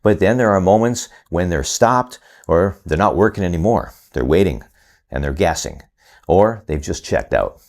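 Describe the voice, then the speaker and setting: A man explaining to parents how to help a child who gets stuck while reading, calmly sounding out words slowly as he demonstrates. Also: low-pitched. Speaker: reading instructor. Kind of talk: instructional talk to parents.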